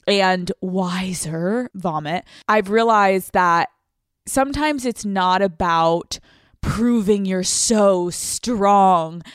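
A woman's voice: medium pitch, dry recording. Young female podcast host, mid-range voice, dry studio sound, blunt and profane delivery. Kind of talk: casual advice monologue.

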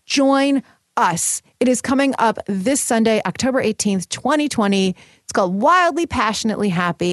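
A woman hosting a solo podcast, bubbly and emphatic as she rallies her listeners. Her pitch sits in an ordinary middle range. The sound is close and dry. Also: no echo. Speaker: podcast host. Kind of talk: upbeat solo podcast talk.

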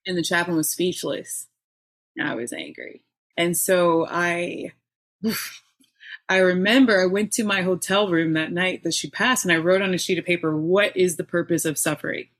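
A middle-aged woman, a podcast guest, telling her own story in a candid, animated way with bursts of laughter. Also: on the low side, moderate pace. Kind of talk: personal storytelling in an interview.

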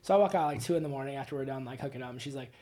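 A woman telling profane, rambling stories as a podcast guest, with quick asides. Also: rumbling low, warm tone. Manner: storytelling, profane, laughing asides. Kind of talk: casual podcast chat.

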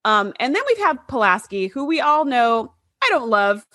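A woman's voice: on the high side, moderate pace, background noise. A young woman co-hosting a casual chat, talkative and full of "like" asides. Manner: chatty, frequent "like" fillers, lively asides. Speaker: podcast co-host.

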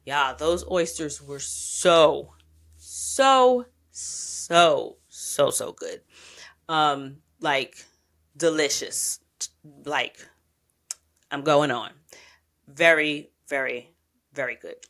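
A woman chats through her travel stories with a bright, forward tone. She is candid and animated, and her talk is full of slang and curse words as she recaps her meals and outings. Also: sits low, drawn-out words, pauses often. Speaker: travel podcast host. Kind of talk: casual travel storytelling.

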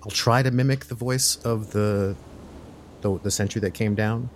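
A man with a low voice plays a tabletop horror game. He talks through each of his character's actions step by step in a deliberate, thinking-aloud way. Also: fairly even intonation, slight background noise. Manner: deliberate, plans his character's moves out loud. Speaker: player.

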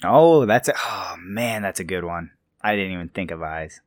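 A man's voice: deep voice, expressive, normal speed, no room sound, clean studio sound. A young man hosting a casual podcast chat, easygoing and often repeating words as he thinks.

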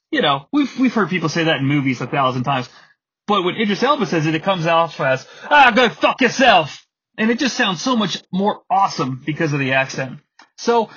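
Husky, chatty man in his thirties. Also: fairly high pitch, fairly bright tone, highs cut off. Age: 30s. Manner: chatty, digressive, with fillers. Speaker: podcast host. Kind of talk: casual solo commentary.

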